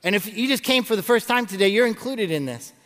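A middle-aged man preaching a sermon as pastor, telling stories and jokes in an animated way, often stumbling and restarting his words. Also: high voice, fast talker. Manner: animated storytelling with frequent stammered restarts and jokes. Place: large church auditorium. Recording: long reverb of a large hall.

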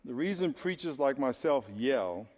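Joking preacher in a reverberant hall. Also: male voice, mid-range voice, moderate pace. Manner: lively, jokey preaching with acted-out dialogue. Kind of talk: sermon.

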